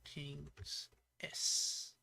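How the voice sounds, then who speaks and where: A woman's voice: drawn-out words, sharp tone, a little hiss or hum. An Australian woman streaming as a VTuber, thinking aloud as she codes and chatting with viewers in between. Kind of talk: live coding stream chat.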